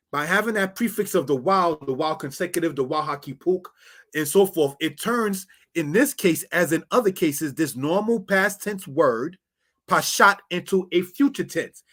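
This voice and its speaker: A man's voice: on the high side, a bit bright. A man teaching a Bible Hebrew lesson over slides, addressing viewers as brothers and sisters, explaining words step by step.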